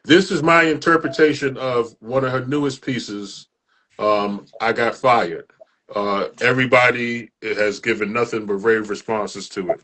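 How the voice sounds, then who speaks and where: A man hosting a poetry show, delivering dramatic spoken-word poetry that builds into shouts. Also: medium pitch, fairly even intonation, unhurried, a little hiss or hum. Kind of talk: performance poetry recital.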